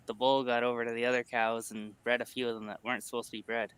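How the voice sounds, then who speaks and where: Easygoing male co-host, mid pitch, smooth and bright, casual chat. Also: little pitch movement, fast talker.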